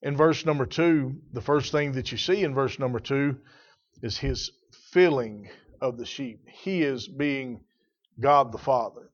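A man preaching a sermon in a church, reading scripture and teaching in a measured way, repeating key phrases. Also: mid-range voice, lo-fi sound.

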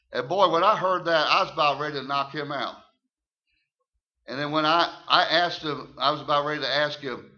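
Bright-voiced older man preaching his testimony. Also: fairly high pitch, a little slow. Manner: emphatic, swings from loud shouting to hushed; repeats words, folksy asides. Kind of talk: sermon testimony. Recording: muffled lo-fi recording.

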